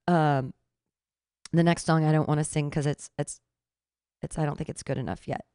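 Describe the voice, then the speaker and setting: Low-voiced woman singing comic songs. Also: warm tone, no room sound, studio quality. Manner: sings own comic songs unaccompanied, then chats with laughs and fillers. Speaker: radio show host. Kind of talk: casual a cappella singing and chat.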